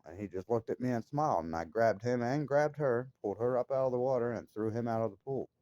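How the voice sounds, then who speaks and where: A man's voice: medium pitch, fast talker, darkish tone, dry recording, dull audio. A man talking straight to his viewers in a casual monologue, telling an upsetting story in an agitated, emphatic way with frequent swearing. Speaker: vlogger.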